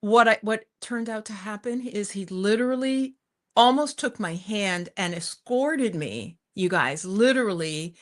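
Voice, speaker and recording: A middle-aged woman hosting a livestream, telling a personal story in a chatty, animated way with frequent laughs. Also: mid-range voice, unhurried. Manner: chatty and animated, often laughing and saying "you guys". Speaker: spiritual teacher hosting a livestream. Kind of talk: live-streamed personal storytelling.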